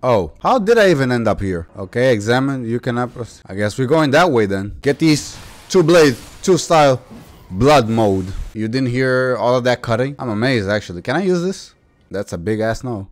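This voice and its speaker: An excitable young man narrates his own gameplay in loose slang, and his voice swings widely from low grumbles to high yelps as enemies jump him. His pitch sits in an ordinary middle register. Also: normal speed. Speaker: gaming YouTuber. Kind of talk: casual gameplay commentary.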